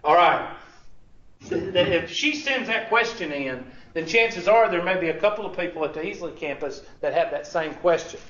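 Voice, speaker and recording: A man's voice: on the high side, animated, normal speed, a bit bright, far from the mic, a little hiss or hum. A man, a college instructor giving a classroom lecture in a teasing, sarcastic manner full of rhetorical questions. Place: large classroom. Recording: dull, echoey classroom recording from afar.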